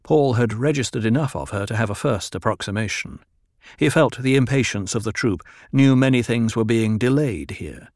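Calm male audiobook narrator, dry sound. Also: medium pitch, no room sound. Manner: calm, even, measured reading. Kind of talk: scripted narration.

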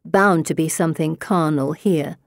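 A woman's voice: deep voice, normal speed, dry recording, studio quality. A woman voicing a bold, scornful young ringleader. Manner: commanding, grandly declaiming.

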